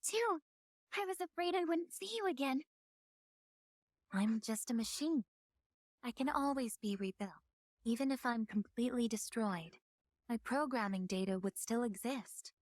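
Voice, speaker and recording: A woman's voice: fairly high pitch, animated, moderate pace, pauses often, dry recording, clean studio sound, natural voice. Woman voicing an earnest android girl. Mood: apologetic. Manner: polite, formal and earnest. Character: earnest female android girl, devoted and apologetic. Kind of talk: game voice acting.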